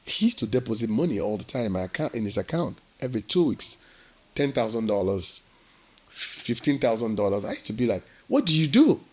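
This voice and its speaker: Animated storyteller. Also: male voice, lowish voice, fairly quick. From Nigeria. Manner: animated storyteller who acts out quoted dialogue. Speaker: guest. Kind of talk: storytelling interview.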